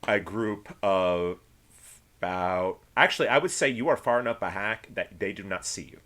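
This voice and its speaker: Low-voiced man running a tabletop game. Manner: relaxed, halting narration with restarts. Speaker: game master.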